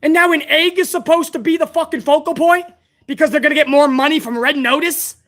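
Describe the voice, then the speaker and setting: Hoarse, high-voiced excitable stream host. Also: male voice, a little fast. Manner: profane, excitable, chummy. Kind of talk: casual livestream commentary, reading fan messages.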